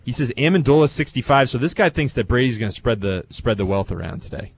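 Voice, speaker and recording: A man co-hosting a sports talk radio show, calmly reading out listener messages and predictions. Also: medium pitch, fast talker.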